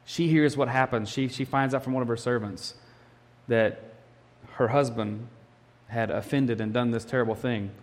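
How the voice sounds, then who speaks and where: A man preaching a sermon, animated and storytelling, acting out the quotes of the people in the story. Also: medium pitch, normal speed, in a large hall. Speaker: pastor.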